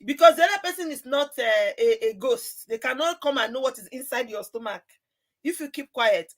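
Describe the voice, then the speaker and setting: High-voiced woman host. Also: lively intonation, brisk. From Nigeria. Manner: emphatic, uses proverbs and laughs along. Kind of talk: conversational talk show.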